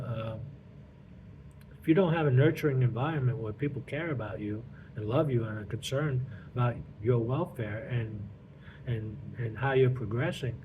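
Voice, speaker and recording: A middle-aged man, a pastor, telling his life story in a halting way, repeating words and saying "you know" all the time. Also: mid-range voice. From Brooklyn, New York. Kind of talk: personal testimony. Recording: tinny phone-like line with clear noise.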